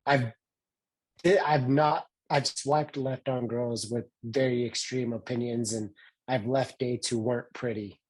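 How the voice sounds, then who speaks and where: Husky brash man talking slang. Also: medium pitch, fairly even intonation, measured pace. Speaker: podcast co-host. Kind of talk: casual chat.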